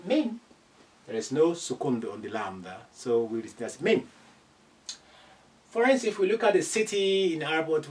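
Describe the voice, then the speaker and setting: A man teaching an Arabic lesson, slowly repeating phrases and spelling out sounds for his learners. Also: on the high side. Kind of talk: classroom lesson. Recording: distant from the mic.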